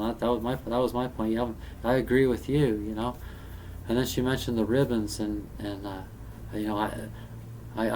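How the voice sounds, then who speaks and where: A man talking in a casual, rambling monologue, halting and restarting often with many fillers. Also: mid-range voice, darkish tone. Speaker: vlogger. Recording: faint background noise.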